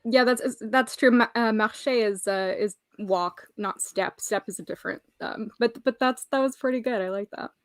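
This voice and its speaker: A woman's voice: on the high side, normal speed, few pauses, no echo. A woman, a paralegal co-hosting a casual livestream chat, talking chattily and laughing often, fussy about grammar. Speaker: paralegal co-host.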